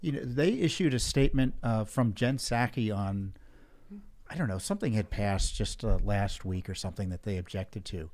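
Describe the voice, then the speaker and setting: Measured man speaking as a guest. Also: fairly low pitch, animated, darkish tone. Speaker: guest, head of a watchdog group. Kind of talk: political panel talk.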